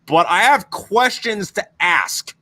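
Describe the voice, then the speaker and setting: A man's voice: high voice, expressive, slow, sharp tone, dry recording, voice pushed up, heavily acted. A man voicing Lucifer as an indignant male angel who questions orders, whiny and defiant in a comedic retelling.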